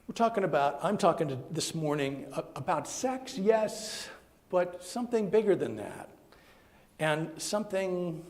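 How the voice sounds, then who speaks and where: Animated man preaching a sermon. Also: on the high side, gravelly. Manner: animated, conversational storytelling with fillers. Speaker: minister.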